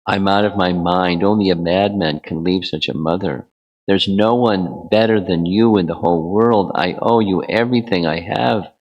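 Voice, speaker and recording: A man's voice: low voice, normal speed, lo-fi sound. A man voicing a young monk who humbly and earnestly blames himself before his mother. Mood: remorseful.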